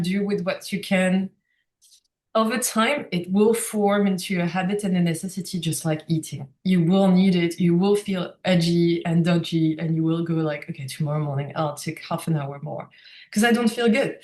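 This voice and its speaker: A French guest, a native French speaker with a fairly low voice, tells stories in a casual conversation. She is animated and reflective and laughs often, her voice carrying a roomy echo.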